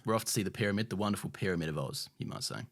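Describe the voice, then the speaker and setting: A man's voice: on the low side, very fast, a bit bright. A man co-hosting a podcast, chatting casually and jokily, swearing often and restarting his sentences. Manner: swears a lot, jokey, many restarts. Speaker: podcast co-host. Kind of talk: casual chat recapping an episode.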